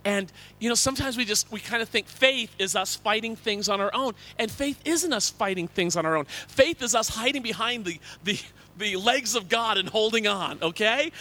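A man's voice: high-pitched, expressive, a little fast, pushed and bright. A man preaching a sermon as a pastor, earnest and conversational, often repeating words and asking "okay?".

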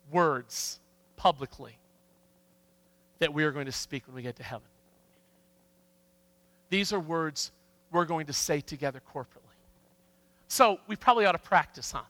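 A man's voice: on the high side, no room sound, long reverb tail. A man preaching as a pastor, leading his congregation and coaxing them to speak up together. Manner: animated, coaxing congregation to respond. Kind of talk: sermon. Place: church sanctuary.

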